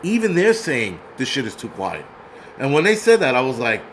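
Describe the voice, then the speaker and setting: A man's voice: mid-range voice, sing-song, moderate pace, fairly bright tone, a little hiss or hum, rough recording. A man hosting a show, ranting in a profane, mocking and exasperated way about people he finds ridiculous. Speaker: host. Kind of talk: angry ranting commentary.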